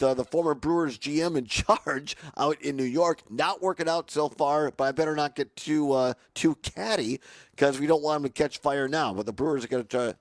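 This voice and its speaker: A man hosting a radio talk show, his voice raspy today, chatty and upbeat. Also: medium pitch, no room sound. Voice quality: upbeat, chatty, plugs and promos.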